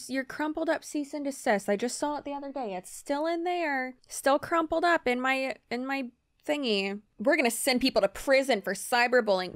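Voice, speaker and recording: A woman's voice: on the high side, no echo, clean studio sound. A woman giving blunt, sarcastic reaction commentary, swearing freely.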